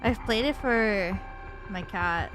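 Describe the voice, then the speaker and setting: A woman's voice: medium pitch, takes it slowly, over music. A woman streamer chatting casually with viewers, giggly and rambling with lots of fillers.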